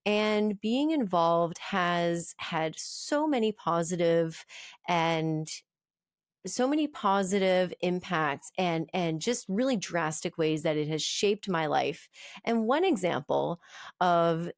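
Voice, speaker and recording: A woman's voice: fairly low pitch, animated, takes it slowly, no echo. Chatty woman podcast host, dry sound. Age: 30s. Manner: friendly, chatty, self-deprecating. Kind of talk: podcast hosting.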